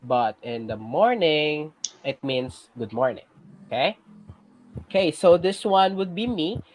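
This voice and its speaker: A teacher with a Filipino accent giving a class lesson, patiently checking in with students and pausing on fillers. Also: mid-range voice, animated, poor audio. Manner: patient, checks in with "okay?" often; hesitant, many fillers and restarts.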